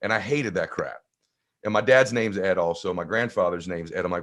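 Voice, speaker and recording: A man telling a personal story in an energetic, conversational way as a podcast guest. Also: low-pitched, fairly quick. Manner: energetic, conversational, acts out voices. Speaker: guest speaker.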